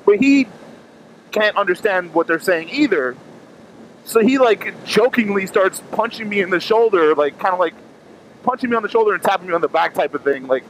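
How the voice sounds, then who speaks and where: A man vlogging a profane, animated story, acting out his own reactions. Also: high-pitched, normal speed, a little hiss or hum, low-quality recording. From Miami. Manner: animated, profane, acts out quotes. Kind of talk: casual storytelling.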